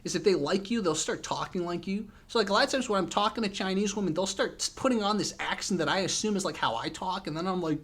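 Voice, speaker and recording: A man's voice: high voice, quick pace, few pauses, fairly bright tone. A young man hosting a casual chat, talkative and self-deprecating, peppering his sentences with "man". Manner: chatty, self-deprecating, says "man" a lot. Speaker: host.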